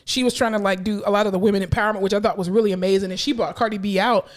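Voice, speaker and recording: A young woman co-hosting a podcast, chatting casually in a brash, profane, animated way. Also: medium pitch, very fast. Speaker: podcast co-host. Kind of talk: casual chat.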